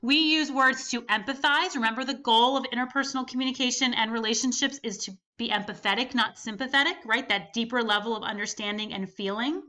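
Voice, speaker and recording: A woman's voice: on the high side, fairly quick, hardly any pauses, pushed and bright. A woman instructor giving a recorded class lecture, explaining step by step and often checking in with the listener. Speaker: college instructor.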